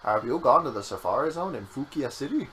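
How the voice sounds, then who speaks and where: A man's voice: mid-range voice, expressive, fairly quick, pushed and bright, slight background noise, low-quality recording. A man streaming a game with his partner, chatting casually and joking around, sometimes breaking into silly voices. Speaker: co-host playing a game on stream. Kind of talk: casual gameplay chat.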